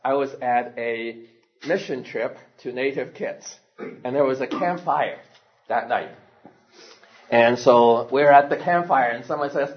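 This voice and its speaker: A male pastor with a medium-pitched voice tells a story during a sermon at an unhurried pace. He's animated, laughs often and asks his listeners questions, and the lo-fi recording sounds dull.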